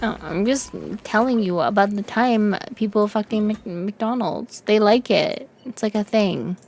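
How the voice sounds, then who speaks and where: A woman's voice: medium pitch, unhurried, a little mellow, slight background noise. A woman streamer chatting casually on a livestream, telling crude stories with frequent giggles and lots of "like". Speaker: vtuber streamer.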